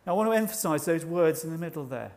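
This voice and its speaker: Man, fairly high voice, preacher, measured reflective sermon delivery. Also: expressive, a little mellow. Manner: measured, reflective, slows for emphasis.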